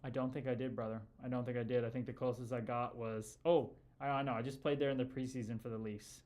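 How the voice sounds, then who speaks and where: A relaxed man talking loosely to his livestream audience at a middle pitch. He greets viewers like old friends, tossing in dude and brother as he reads their comments aloud. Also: quick pace. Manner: laid-back and chummy, calls viewers brother and dude. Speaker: livestream host and former hockey player.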